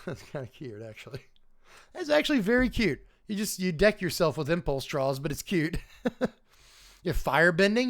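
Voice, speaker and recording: A man's voice: sits high, big pitch swings, measured pace, long pauses, fairly bright tone. A man hosting a casual livestream card review, talking animatedly, chuckling often and chatting with his viewers. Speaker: host.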